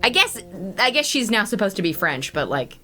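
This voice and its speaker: A woman in casual chat while reading a game with a friend, excitable and giggly. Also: mid-range voice, moderate pace, soft background music. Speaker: game reader.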